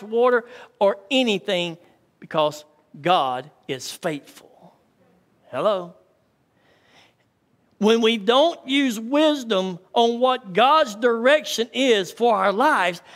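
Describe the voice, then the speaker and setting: A man's voice: very high voice, fairly bright tone. A man, a pastor preaching a sermon in a folksy storytelling way and calling out to his congregation. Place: church hall. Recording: long church hall reverb.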